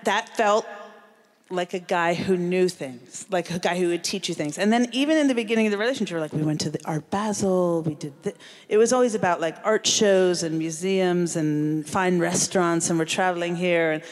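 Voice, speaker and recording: Animated woman storyteller from New Jersey. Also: fairly low pitch, fairly quick. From Central New Jersey. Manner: lively storyteller, laughs often. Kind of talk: casual chat.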